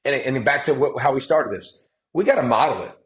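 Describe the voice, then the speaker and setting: Guest, man, 40s, mid-pitched, lively and emphatic storyteller. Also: a little fast, poor audio. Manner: animated, emphatic storytelling with frequent restarts. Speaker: guest, former football player and analyst. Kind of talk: casual podcast conversation.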